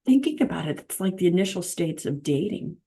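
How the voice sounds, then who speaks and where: A middle-aged woman with a slightly low voice talks about faith and marriage in a casual teaching monologue. She is earnest and emphatic, repeating her key lines and acting out the people she quotes. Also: very animated, a little fast, mellow.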